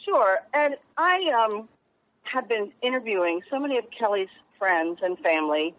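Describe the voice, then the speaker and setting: Woman, journalist guest, earnest, halting, heartfelt, tinny phone-line sound, mid pitch. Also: lively intonation, a little hiss or hum. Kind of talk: phone-in radio interview.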